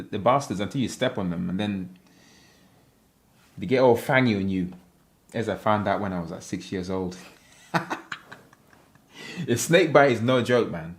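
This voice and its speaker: Reading through his viewers' comments, a man from Africa keeps his livestream loose and lighthearted, his voice on the low side. He wanders from point to point and laughs frequently.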